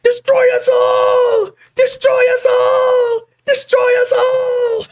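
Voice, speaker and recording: A man imitating a panicked cartoon creature, shouting in a high, strained, drawn-out voice. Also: completely flat delivery. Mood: panicked shrieking.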